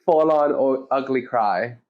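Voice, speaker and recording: A woman's voice: extremely low pitch, unhurried. A woman co-hosting a podcast in casual chat, blunt and emphatic, swearing freely. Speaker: podcast co-host. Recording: slightly muffled lo-fi audio.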